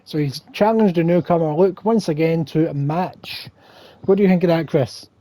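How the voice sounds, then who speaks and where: A man's voice: a little high, moderate pace, mellow, no room sound, low-quality recording. Wry man calling wrestling. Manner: wry, teasing banter. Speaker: wrestling game commentator. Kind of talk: play-by-play commentary over a video game.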